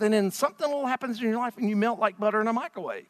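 Pastor guy preaching, high voice, jokey and lively, lots of hall echo. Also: very fast, studio quality. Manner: lively, joking, rhetorical questions. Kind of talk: sermon. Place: church hall with live audience.

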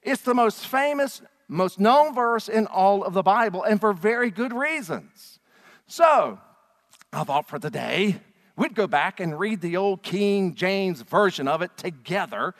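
A male pastor preaching in a church with a high, very lively voice that leaps up and down. He presses his points hard and throws questions at the congregation. His words ring out with the long reverb of a large hall. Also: a little slow. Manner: emphatic, animated preaching with rhetorical questions to the congregation. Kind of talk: sermon. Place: church sanctuary.

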